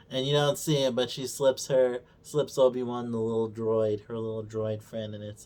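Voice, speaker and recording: A man's voice: medium pitch, completely flat delivery, normal speed, few pauses, a little mellow. Male reviewer, casual rant, heavy swearing, sarcastic and exasperated throughout. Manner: swears constantly, mocking and exasperated; retells scenes by acting out characters' lines. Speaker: video reviewer.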